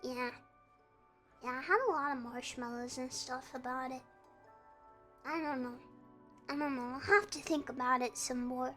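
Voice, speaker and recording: Bubbly girl streamer with a really high voice, chatting w viewers, bit of music behind. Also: fairly even intonation, moderate pace, pauses often, a bit bright. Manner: bubbly, greets chatters one by one. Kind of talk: casual live-stream chat.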